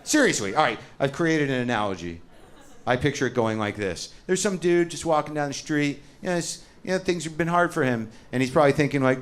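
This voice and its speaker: A man's voice: a little high, lively intonation, a little fast. A man doing stand-up comedy, ranting in a sardonic, profane way.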